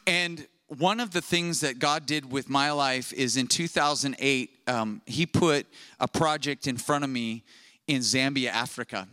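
A middle-aged male pastor preaching a sermon, telling a story with animated acted-out dialogue. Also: medium pitch, dry recording.

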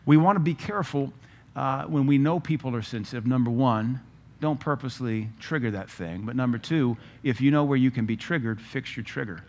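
A man preaching a sermon, firing off rhetorical questions and telling stories with lively energy. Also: medium pitch, a little fast. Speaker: pastor.

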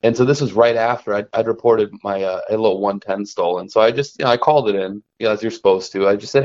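A young man with a lowish voice tells his trapping stories in a loose, rambling way, stopping and restarting mid-thought and chuckling at his own tales. The recording sounds dull and lo-fi. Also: fast talker, few pauses, a little mellow. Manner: rambling, self-interrupting, laughs at own stories. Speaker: guest, trapper. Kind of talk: casual storytelling in conversation.

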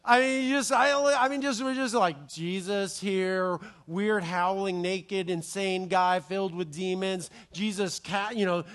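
A man preaching a sermon, telling a Bible story with playful asides and quick restarts. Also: high-pitched, a bit bright. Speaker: pastor.

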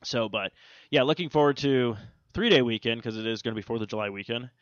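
A man's voice: medium pitch, fast, dry recording, highs cut off. Rambling, swearing male podcast host. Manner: rambling, profane storytelling. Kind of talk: casual chat.

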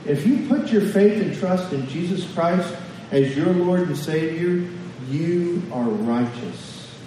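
A man's voice: high-pitched, expressive, slow, recorded from a distance, noisy background. Man preaching in an echoey hall. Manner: conversational preaching with questions to the congregation. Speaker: pastor. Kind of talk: sermon.

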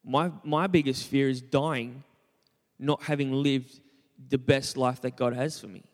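In a large hall, a young male pastor speaks at a medium pitch with a steady tone and measured pace. His sermon feels like a conversation, full of jokes at his own expense and questions for the people in the pews.

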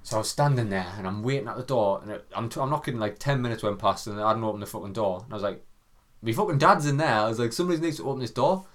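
A young man tells a story in casual podcast chat. He is animated and swears freely. He slips into mimicked voices and breaks into laughter often. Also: medium pitch, racing. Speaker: podcast co-host.

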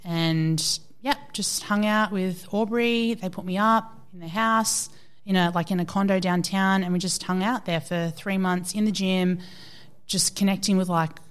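This Australian woman, a fitness coach in her thirties, speaks with a smooth, medium-pitched voice. Chatting casually in an interview, she tells lively stories and quotes people freely.

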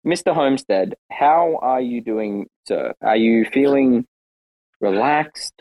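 A man hosting an online audio chat, lively and excitable as he hands the floor around. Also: mid-range voice, slow pace, rough recording. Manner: lively, excitable, herding speakers. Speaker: host. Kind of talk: casual chat.

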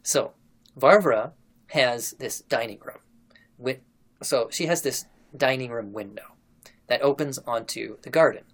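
Man, podcast host, casual storyteller, relaxed and chatty, mid-range pitch. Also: a little slow, pauses often. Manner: relaxed, chatty, laughs between lines. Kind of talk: casual storytelling, retelling a historical account.

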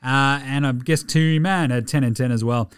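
A man's voice: mid-range voice, moderate pace, clean tone, no room sound, studio quality. A man hosting a casual basketball recap podcast, rattling off stats and swearing freely. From Australia. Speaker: podcast host.

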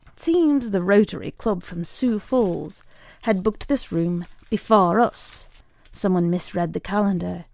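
A woman reading a short story aloud in a measured storytelling voice. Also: mid-range voice, expressive, creaky, a little mellow, no room sound. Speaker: reader.

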